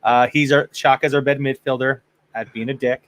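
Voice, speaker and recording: Excitable male podcast host, dry sound. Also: mid-range voice, normal speed, dry recording. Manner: excitable, swears freely, many restarts. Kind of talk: casual chat.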